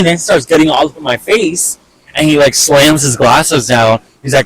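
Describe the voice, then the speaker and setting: Young man telling an animated, fed-up story. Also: fairly high pitch, moderate pace, low-quality recording. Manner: animated, fed-up retelling full of fillers and swearing. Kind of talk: casual storytime vlog.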